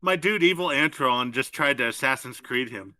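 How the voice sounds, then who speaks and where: A man's voice: mid-range voice, lively intonation, moderate pace, bright, forceful tone. A man co-hosting a podcast, making teasing, wry asides in casual chat. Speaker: podcast co-host.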